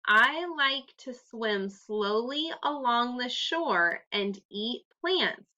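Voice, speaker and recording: A woman voicing a lonely young male manatee in a storybook read-aloud, talking softly and sadly. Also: on the high side, animated, extremely slow, heavily acted. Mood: shy. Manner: soft, quiet, sad. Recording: dull lo-fi recording.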